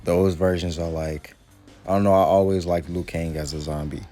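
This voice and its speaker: Laid-back deep-voiced man rambling casually. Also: steady tone, moderate pace, mellow, soft background music. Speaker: YouTuber. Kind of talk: casual video commentary.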